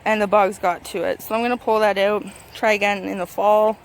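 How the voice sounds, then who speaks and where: A woman giving a casual tour of her vegetable garden, chatty and excitable, talking to her plants, her voice turning squeaky at times. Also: a little fast. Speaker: gardening vlogger. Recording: faint outdoor background noise.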